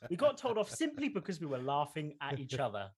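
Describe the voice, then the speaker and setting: Male podcast host, slightly high voice, jokey and quick to tease, casual chat. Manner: jokey, lively, asks questions.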